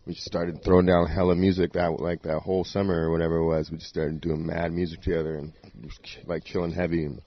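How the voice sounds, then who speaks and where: A man's voice: low-pitched, little pitch movement, quick pace, hardly any pauses, lo-fi sound. A man, a DJ guest on a podcast, telling stories in a laid-back, slangy way. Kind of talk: casual interview talk.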